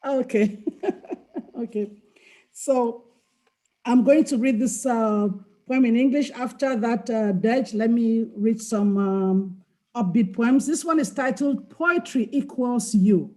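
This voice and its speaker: A middle-aged woman from Cameroon reads her poems aloud over a video call. Her voice is high and mellow, and she takes her time over every line. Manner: slow, deliberate recital with chanted dirge passages. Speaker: invited poet. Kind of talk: poetry reading on a webinar.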